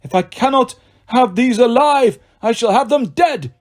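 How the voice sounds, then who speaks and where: A man voicing a vengeful male manticore monster, shouting in rage. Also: extremely high pitch, animated, a little slow, voice pushed up. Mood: raging. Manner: howling, raging shouts.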